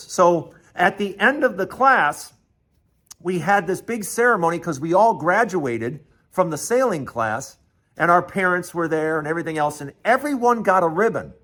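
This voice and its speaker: A man's voice: a little high, a bit bright. A man in his sixties, hosting a show and telling a childhood story, acting out the voices of the people in it with many restarts. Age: 60s. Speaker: host. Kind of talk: storytelling monologue.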